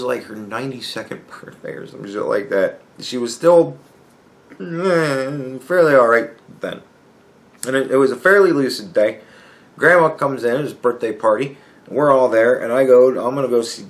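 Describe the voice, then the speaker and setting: A man's voice: mid-range voice, a bit bright. A young man hosting a podcast, talking in a rambling, profane, casual monologue and laughing as he tells stories. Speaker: podcast host.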